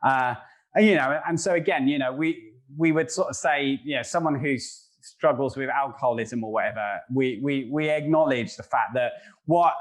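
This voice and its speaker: A man's voice: medium pitch, normal speed. A man hosting a casual book discussion, talking thoughtfully and hesitantly, with frequent restarts.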